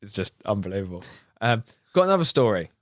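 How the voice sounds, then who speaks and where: English man, low voice, dry close mic, chatty storyteller who mimics voices. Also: quick pace, dry recording. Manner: animated anecdote teller, laughs, mimics voices. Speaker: videographer. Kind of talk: casual storytelling chat. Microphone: studio podcast mic.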